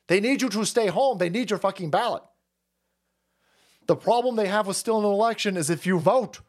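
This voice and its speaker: A man streaming a profane political rant, repeating himself and cursing heatedly. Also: high-pitched. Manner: foul-mouthed, repetitive, heated.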